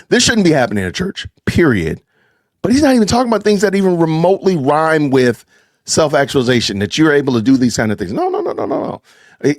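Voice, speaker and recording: Animated, sarcastic podcast host, a man. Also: fairly high pitch, no echo, clean studio sound. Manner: animated, sarcastic, talks straight to his audience. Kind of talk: reaction commentary.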